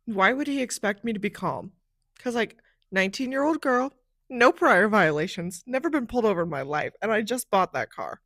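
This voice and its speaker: A young woman hosting a podcast, telling a personal story in a chatty, animated way, often saying "like", on a close microphone. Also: a little high, no echo. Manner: animated, chatty, heavy use of "like". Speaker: podcast host.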